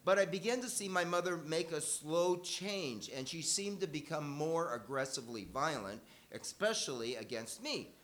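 A man's voice: a little high, expressive, moderate pace, few pauses, fairly bright tone. An older man telling a personal story live to an audience, conversational and wry, correcting himself as he goes.

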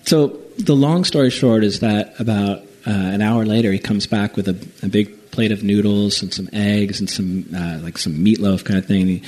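Man with a mellow voice telling a story. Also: on the low side, steady tone, normal speed, few pauses. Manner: casual, rambling with restarts and acted-out quotes. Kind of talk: personal travel story told aloud.

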